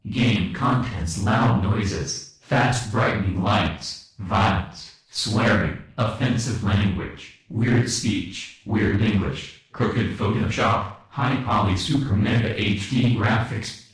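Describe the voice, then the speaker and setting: A man voicing a stiff game announcer in broken English, with formal, flat delivery. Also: on the low side. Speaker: game intro narrator. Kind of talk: scripted game warning. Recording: very echoey, voice from far off.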